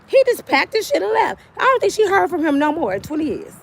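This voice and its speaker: A woman in her fifties giving blunt, animated and profane celebrity gossip commentary on her vlog. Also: extremely high pitch, fast talker, gravelly. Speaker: vlogger.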